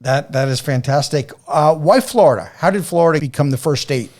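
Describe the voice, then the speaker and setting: A man's voice: a little high, fairly quick, darkish tone. A man with a New York accent hosting a podcast interview, talking with enthusiasm and frequent restarts. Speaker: podcast host. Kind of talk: casual interview chat.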